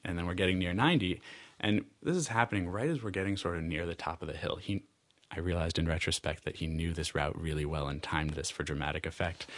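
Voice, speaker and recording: An American man telling a personal travel story out loud, rambling and animated, often laughing and restarting his phrases. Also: sits low. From United States. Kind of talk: personal story told aloud.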